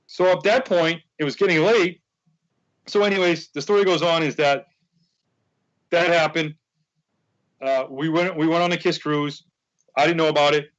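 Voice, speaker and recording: A man with a fairly high voice tells a winding story as a podcast guest. He rambles and acts out the dialogue. The sound is dull and lo-fi. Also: normal speed, long pauses, fairly bright tone. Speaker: podcast guest, fan charity organizer. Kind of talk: casual storytelling.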